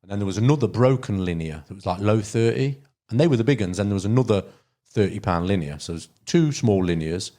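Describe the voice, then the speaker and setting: Long fishing yarns come from this Derbyshire carp angler, a podcast guest whose casual storytelling rambles with many fillers and restarts. His voice is on the low side, expressive and mellow, and he talks fast.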